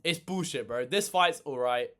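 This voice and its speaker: A man ranting in casual reaction commentary, animated and swearing a lot, exasperated. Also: fairly high pitch, normal speed. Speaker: reaction channel host.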